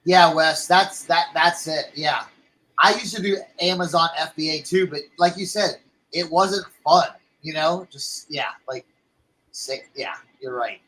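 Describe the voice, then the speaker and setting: A man in casual chat, telling an animated story and acting out other people's lines. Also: a little high, measured pace, slight background noise, poor audio. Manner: animated storyteller, acts out voices in anecdotes. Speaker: co-host.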